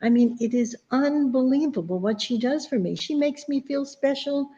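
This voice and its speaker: A woman from the New York area, a friend of the poet, gives a warm, heartfelt tribute as a guest speaker, her voice catching near tears. Her voice sits high at a moderate pace, and the sound is lo-fi.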